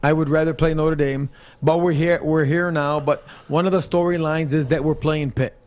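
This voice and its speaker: Male sports co-host with a high voice, excitable banter. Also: moderate pace. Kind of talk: casual sports talk.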